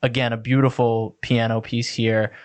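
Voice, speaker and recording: A man's voice: mid-range voice, flat delivery, moderate pace, clean tone. A man co-hosting a podcast, chatting casually and enthusiastically about an anime episode, with many "like" fillers. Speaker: podcast co-host.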